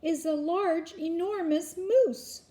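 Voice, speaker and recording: A woman voicing an excited little boy who yells loudly in a storybook reading. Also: takes it slowly, full character voice. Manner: shrill, yelling.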